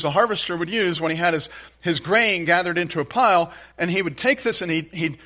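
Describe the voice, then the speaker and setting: A man preaching a sermon in a folksy, animated storytelling manner with playful asides. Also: a little high. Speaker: pastor.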